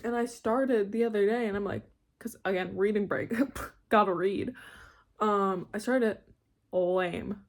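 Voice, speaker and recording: A woman's voice: mid-range voice, steady tone, measured pace. A young woman in university, ranting casually in her bedroom, rambling, cutting herself off and laughing often. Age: young adult. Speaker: vlogger.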